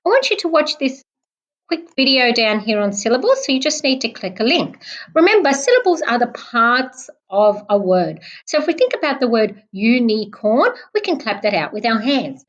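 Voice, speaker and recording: A young woman, a primary school teacher giving a recorded online lesson, explaining slowly and patiently. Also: on the high side, very animated, lo-fi sound. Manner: clear, slow, patient explaining, clapping out syllables.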